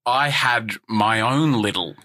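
Young Aussie male radio co-host, bright tone, dry studio sound, animated self-mocking storyteller. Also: medium pitch, slow, dry recording.

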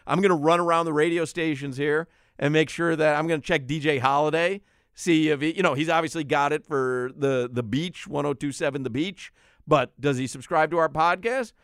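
A man's voice: on the high side, steady tone, brisk, fairly bright tone, clean tone, dry recording. A male sports radio co-host in casual studio banter, chatty and laughing often as he plugs the show. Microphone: studio microphone.

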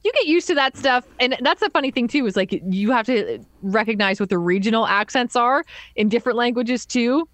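A woman's voice: fairly high pitch, expressive, a little fast, a bit bright, no room sound. A woman from Ontario in casual podcast chat, talkative and full of "like". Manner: chatty, runs on with "like".

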